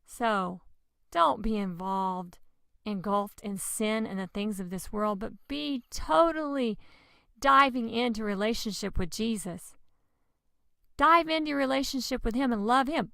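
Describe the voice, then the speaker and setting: A woman giving a lively, expressive devotional message, with sudden loud exclamations. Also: a little high, measured pace, creaky, dry recording, studio quality. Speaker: preacher. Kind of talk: lively children's-style devotional teaching.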